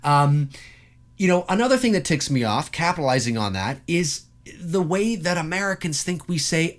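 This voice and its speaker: A man's voice: sits high, animated, moderate pace. A man from Toronto, ranting to his viewers and addressing them as folks, with lots of fillers. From Toronto, Canada. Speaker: vlogger. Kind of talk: ranting monologue to camera.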